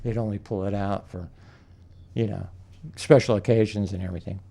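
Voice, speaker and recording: A man's voice: on the low side, fairly even intonation, brisk, gravelly, mellow. A man from California hosting a casual interview, telling rambling anecdotes and acting out quotes with little laughs. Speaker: podcast interviewer.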